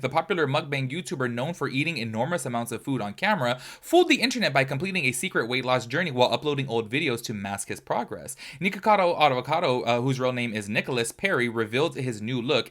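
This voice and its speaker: A man with a mid-range voice talks through a casual reaction commentary, reading an article aloud. He keeps breaking into chatty, exclaiming asides full of fillers. He sounds like he is recording at home. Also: medium pitch. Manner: chatty and expressive, often exclaiming, with frequent fillers. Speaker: commentary YouTuber.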